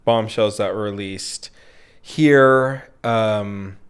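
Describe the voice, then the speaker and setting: A man co-hosting a casual podcast, chatting in an animated way and often slipping into playful put-on voices. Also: lowish voice, drawn-out words, clean tone. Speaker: podcast co-host.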